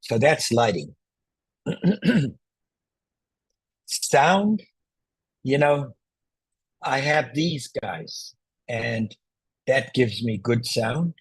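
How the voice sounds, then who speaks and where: A man coaching viewers on online presentations in a casual tutorial, talking loudly on purpose and often checking in with "right?", from a small one-room apartment. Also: mid-range voice, lively intonation, extremely slow, long pauses, slightly rough, dry recording, poor audio.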